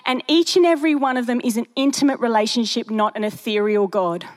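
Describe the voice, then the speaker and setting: A young woman preaching a sermon in a chatty storytelling way with animated asides. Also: on the high side, fairly quick.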